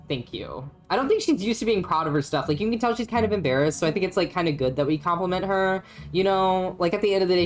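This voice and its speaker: A young woman with a low voice chats loosely with her stream audience while she plays. She swears freely and laughs a lot. Faint music plays underneath. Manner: chatty and profane, laughs often, talks to chat. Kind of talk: casual live-stream chat while playing a story game.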